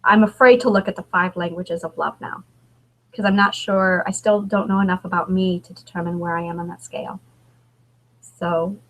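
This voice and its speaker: A woman in her thirties, an author speaking candidly as a guest, halting often and restarting her sentences. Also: lowish voice, steady tone, poor audio. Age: 30s. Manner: halting, emotional, many restarts. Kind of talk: candid conversation.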